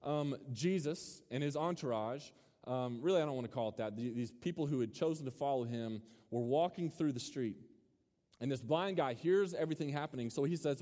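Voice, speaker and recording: A man's voice: mid-range voice, fairly quick, mellow. Young man preaching in an echoing hall. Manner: casual, joking, quizzes the audience. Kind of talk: sermon to a student crowd. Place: large hall with a live audience. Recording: hall reverb.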